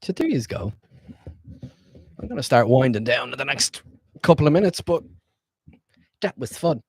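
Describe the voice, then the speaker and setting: A man's voice: medium pitch, very animated, moderate pace, gravelly, breathy edge, no echo. A man streaming as game master, wrapping up a tabletop session in loose, rambling casual chat with frequent swearing.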